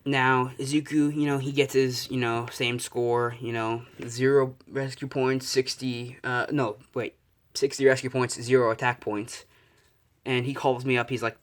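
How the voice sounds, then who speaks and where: A young man improvising a fan story out loud, rambling and correcting himself, swearing casually. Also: mid-range voice, little pitch movement, moderate pace.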